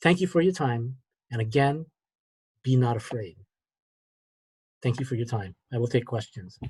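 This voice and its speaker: Husky middle-aged man telling his story. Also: medium pitch, expressive, darkish tone, no room sound. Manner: earnest, halting storyteller with many "you know" and "okay?". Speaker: physician speaker. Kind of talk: personal story in a webinar talk.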